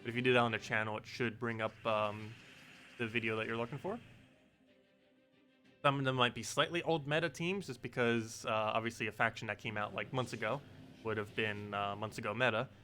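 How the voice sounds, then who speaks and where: A man's voice: medium pitch, fairly even intonation, fairly quick, pushed and bright, faint music behind. A man casually chatting with his live-stream chat, laid-back and joking about how he says words. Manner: laid-back, chatty, answers chat, laughs at own pronunciation.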